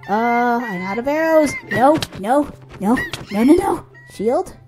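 A woman giving excitable let's-play commentary, gasping and cooing at her pet as she narrates her play. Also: fairly high pitch, takes it slowly, music in the background. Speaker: game video creator.

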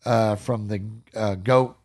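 Lively Texan man telling stories. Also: fairly low pitch, slow pace. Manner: animated, laughs often, folksy country slang. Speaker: podcast guest, hunting storyteller. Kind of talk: casual storytelling.

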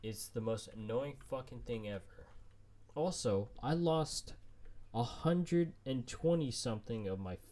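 A man's voice: mid-range voice, expressive, unhurried, mellow. A man streaming a survival game solo, frustrated and swearing nonstop as he plays. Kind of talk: let's play commentary.

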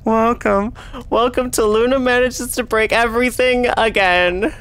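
A young woman streaming a horror game, chatting to her viewers and swearing and yelling when the game frustrates her. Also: on the high side, steady tone, a little slow. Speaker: VTuber streamer. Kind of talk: casual gameplay commentary.

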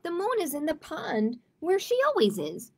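A woman voicing a fussy female duck in a children's storybook, sniffy and quick to snap. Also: high-pitched, wildly swooping pitch, voice pushed up, heavily acted. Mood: disbelieving. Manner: sniffy and quacking.

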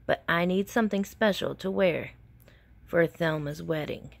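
A woman's voice: fairly low pitch, unhurried, creaky. A woman voicing a careful mother in a children's storybook, firm and matter-of-fact. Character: Mama, a careful adult mother.

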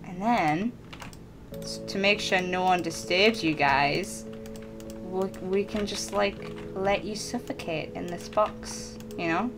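Voicing her character as the lead player in a casual Minecraft role-play, a woman sounds playful and giggles between lines, often laughing mid-sentence. Her voice is fairly low and slow, with music playing in the background.

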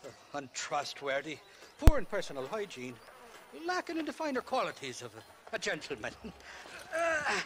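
An actor playing a scruffy, talkative Irish drunk and thief, with an Irish accent and a rambling, flowery manner. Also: male voice, sits high, wildly swooping pitch, normal speed, background noise. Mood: chatty. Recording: game audio with hoofbeats and ambience.

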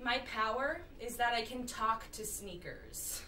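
A woman doing live character comedy as a giddy teenage girl, talking in a soft, giggly valley-girl way that turns defensive. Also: a little high, very animated, measured pace, heavily acted. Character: teen girl joining superheroes, giddy, touchy. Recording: roomy stage sound from far off, noisy.

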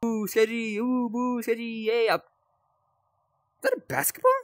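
A man's voice: extremely high pitch, fairly even intonation, normal speed, no echo. A young man commentating his own horror game playthrough, jumpy and rambling, yelping when startled. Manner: jumpy, yelps and rambles while scared. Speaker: gaming YouTuber.

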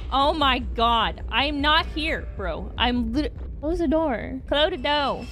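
A woman's voice: sits high, expressive, slow pace, music in the background. A young woman streaming a game, talking to herself and her chat, swearing and shrieking in sudden bursts. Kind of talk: casual gaming commentary.

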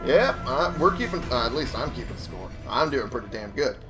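A man's voice: mid-range voice, sing-song, fairly quick, music in the background. A man giving casual let's play commentary, swearing and chuckling to himself. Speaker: gamer.

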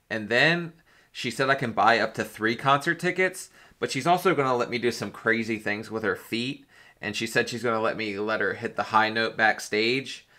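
A man's voice: mid-range voice, sharp tone. A man hosting a reaction video, riffing with crude, sarcastic jokes. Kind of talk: casual reaction commentary.

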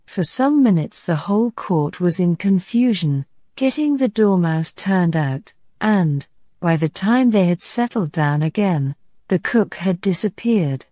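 A woman reads a classic story aloud in a measured, clear narration. Her voice is low and mellow, and she paces it very slowly. The sound is dry and close. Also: lively intonation, no room sound. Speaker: audiobook narrator.

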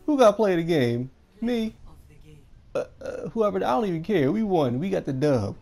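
Hyped young guy doing gameplay commentary, gravelly voice, bit of music behind. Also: a little high, moderate pace. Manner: excitable, hyped, repeats himself. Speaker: gaming YouTuber.

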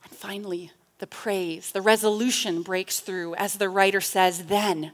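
A woman's voice: mid-range voice, steady tone. A woman giving a reflective Bible talk, reading psalm passages with feeling and often asking "right?". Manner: slow, earnest, with frequent rhetorical "right?"; reads psalm passages with rising intensity. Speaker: teacher in a church class.

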